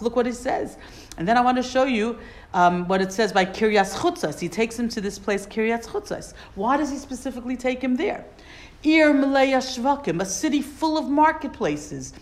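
A woman's voice: a little high, lively intonation, a little fast. A woman teaching a Torah study class. She reads Hebrew phrases, translates them and asks questions as she explains.

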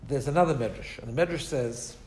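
A man's voice: mid-range voice, fast talker, a little mellow, a little hiss or hum. A man giving a Torah class with an Orthodox Jewish English and Ashkenazi Hebrew accent. He talks in a chatty way, repeats words and keeps asking "right?". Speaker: Torah teacher.

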